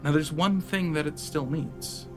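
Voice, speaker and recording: A man's voice: a little high, steady tone, unhurried, music in the background, lightly acted. A man voicing a weary, sighing woman druid who leads a werewolf pack. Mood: calm. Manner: sighing, resigned.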